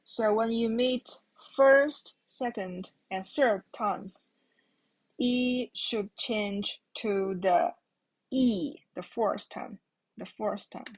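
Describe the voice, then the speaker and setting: A woman's voice: mid-range voice, drawn-out words, husky. A woman giving a patient Mandarin lesson, repeating each word twice as she explains the tones. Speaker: Mandarin teacher. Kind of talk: slow explanatory language lesson.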